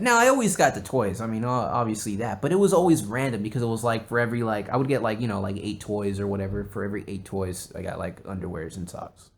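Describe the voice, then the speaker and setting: A man's voice: on the low side, expressive, fast talker, few pauses. A man hosting a podcast, chatting casually in a rambling, jokey way with a lot of swearing. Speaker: podcast host.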